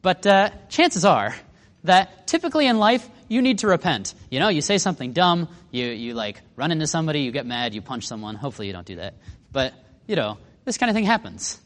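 A man's voice: a little high, sing-song, brisk, a bit bright, in a large hall. A man teaching a Bible lesson in a conversational way, putting questions to his listeners.

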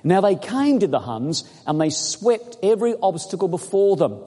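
A man preaching a sermon with emphatic, dramatic delivery, swinging between loud bursts and quiet asides. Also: high voice, big pitch swings, normal speed. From outside the United States. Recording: echoey hall.

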